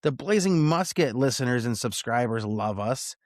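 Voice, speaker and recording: A man's voice: mid-range voice, expressive, normal speed, no room sound, clean studio sound. A man co-hosting a soccer podcast in casual chat, joking and given to mock-grand rants. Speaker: podcast co-host.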